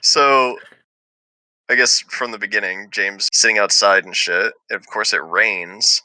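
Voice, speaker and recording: A man's voice: fairly low pitch, unhurried, pushed and bright, no echo, low-quality recording. A young man telling a heated story to friends in casual chat, swearing freely and laughing often.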